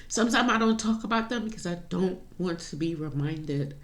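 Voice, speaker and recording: A woman's voice: fairly low pitch, animated, a little fast. A woman talking in a personal vlog, rambling and confessional, laughing to keep from crying. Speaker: vlogger.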